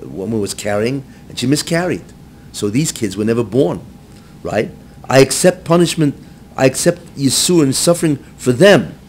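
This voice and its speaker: Animated rabbi teaching a class. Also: male voice. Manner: animated, rising to near-shouting when acting out the text; mixes Hebrew phrases with English, keeps asking "right?". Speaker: rabbi giving a Torah class. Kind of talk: lecture to a live class. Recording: faint low rumble behind.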